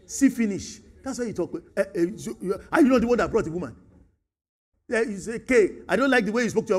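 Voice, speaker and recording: A Nigerian man preaching a sermon, animated, acting out dialogues and slipping into Pidgin and Yoruba. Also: high-pitched, quick pace, husky. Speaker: pastor.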